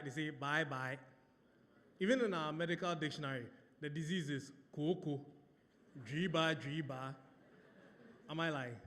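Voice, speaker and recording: A Ghanaian man works the room as MC at a launch event, playful and full of questions for the crowd. His voice sits fairly high. It rings out with the long reverb of a large hall. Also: a bit bright, a little hiss or hum. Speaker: master of ceremonies. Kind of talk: live event hosting.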